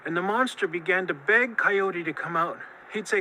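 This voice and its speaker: A man tells a traditional tale in a lively, expressive voice that slows down for key moments. His voice is raised and very bright, with a sharp edge. Faint noise runs underneath. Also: high-pitched, low-quality recording. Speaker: storyteller. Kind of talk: oral storytelling of a traditional tale.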